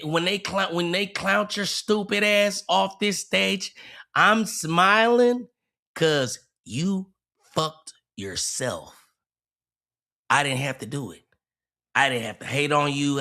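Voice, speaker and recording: Mocking, bright-voiced man streamer. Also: medium pitch. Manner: mocking, repetitive, stammers and restarts. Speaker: streamer reacting to a clip. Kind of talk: heated livestream commentary.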